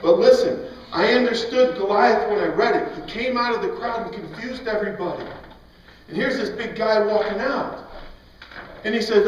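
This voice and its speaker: An animated, emphatic man tells stories at a Christian event, often laughing as he goes. His voice sits high for a man. It comes from far off the mic in a big, echoing hall, with a dull sound. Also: moderate pace. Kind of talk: storytelling talk.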